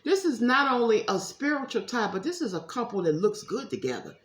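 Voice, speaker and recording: A woman giving a casual tarot reading at home, chatty and animated, talking straight to her viewers. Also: a little high, fairly quick. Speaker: tarot reader. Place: room at home. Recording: echoey room.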